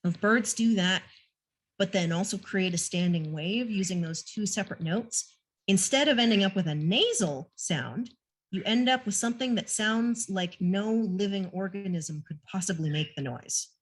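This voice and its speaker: A woman's voice: medium pitch, animated, normal speed. A woman presenting a naturalist training talk, explaining things in a casual, self-deprecating way, over a video call from home. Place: home room with a pet bird nearby.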